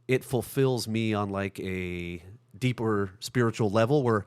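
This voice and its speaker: A man as a podcast guest, telling stories in an animated, fast, laughing way in casual conversation. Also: lowish voice, clean tone.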